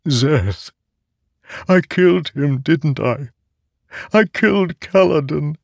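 A man's voice: a little high, expressive, slow, creaky, no echo, studio quality, pitched above the performer's own voice, exaggerated voice. A man reading an audiobook and voicing an eager, childlike talking sword in a raised, wondering voice. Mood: anxious.

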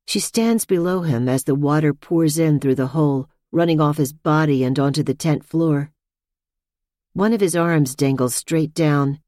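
A woman reading a suspense novel aloud in a tense, measured narration. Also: low-pitched, warm tone, no room sound, clean studio sound. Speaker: audiobook narrator. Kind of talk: scripted narration.

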